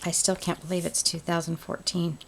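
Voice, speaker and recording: A woman's voice: on the low side, level tone, fairly quick, creaky, slight background noise. A woman hosting a home craft tutorial, chatting casually and thinking aloud as she works. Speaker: crafting video host.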